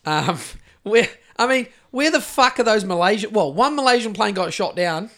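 Casual podcast host, New Zealand man, high voice, rambly and sweary. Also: expressive, moderate pace, bright, forceful tone. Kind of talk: casual chat.

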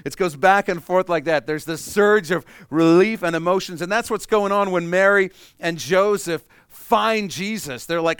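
A man preaching a sermon in a conversational way, moving between quiet, hushed stretches and loud, animated ones. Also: high voice, normal speed, few pauses, clear, resonant tone, dry recording, clean studio sound. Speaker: pastor.

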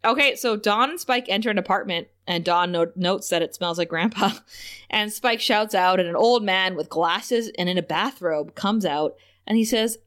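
A woman's voice: mid-range voice, normal speed, fairly bright tone. A woman co-hosting a casual podcast, walking through an episode scene by scene. She laughs easily and throws herself into quoting characters with exaggerated voices. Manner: laughing often, acting out lines in playful voices. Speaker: podcast co-host. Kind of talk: casual chat recapping a TV episode.

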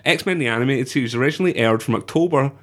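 A man's voice: mid-range voice, fast talker. A man, co-hosting a podcast and reading out facts in a playful, mock-dramatic way. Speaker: podcast co-host. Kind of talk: casual chat, reading out facts.

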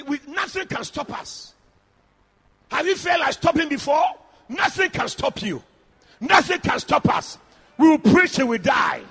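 A man preaching a fiery sermon, shouting repeated lines with call-and-response cries. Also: very high voice, vocal fry.

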